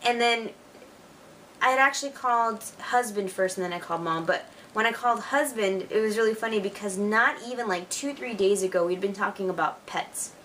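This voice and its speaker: A chatty young woman in her twenties records a casual video letter to a friend at home, excitable and full of "like" and "you know". The mic sits a little away from her, and faint noise hums underneath. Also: mid-range voice, fairly quick, recorded from a distance. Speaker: vlogger. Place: at home, alone.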